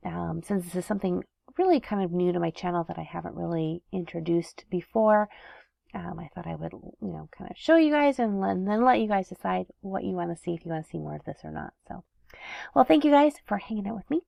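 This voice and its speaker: A woman with a congested, stuffy nose talks in a low, heavily gravelly voice. She chats in a relaxed way, full of ums and small restarts. The sound is close and dry. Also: brisk, dry recording. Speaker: animation artist and channel host. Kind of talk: casual chat while drawing.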